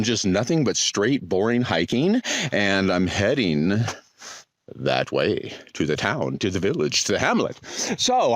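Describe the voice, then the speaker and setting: A man's voice: fairly bright tone, dry recording, clean studio sound. A man vlogging outdoors on a hiking trail, talking in a rambling, playful way into a handheld phone. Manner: rambling and playful, with wide swings in pitch. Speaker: thru-hiker vlogger. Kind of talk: casual outdoor vlog monologue.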